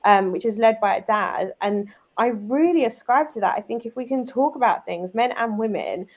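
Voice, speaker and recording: Chatty British woman, higher voice. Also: normal speed. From United Kingdom. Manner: lively, chatty, many fillers like "like" and "um". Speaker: guest, business owner and mother. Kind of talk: casual conversational storytelling.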